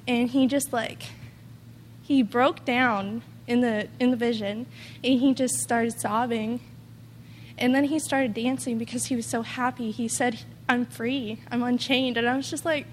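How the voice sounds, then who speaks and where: A woman's voice: fairly high pitch, fairly even intonation, measured pace, in a large hall, a little hiss or hum. A woman giving an earnest, rambling personal testimony, full of "like" and quoted asides. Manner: earnest, rambling, heavy use of "like". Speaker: testimony speaker.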